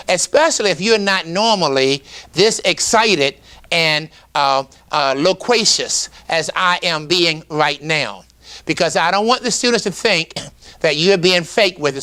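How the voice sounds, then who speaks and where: A middle-aged man, a teacher trainer, giving an exuberant, emphatic talk to camera with hums and drawn-out words. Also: sits high, bright, forceful tone, clear, resonant tone.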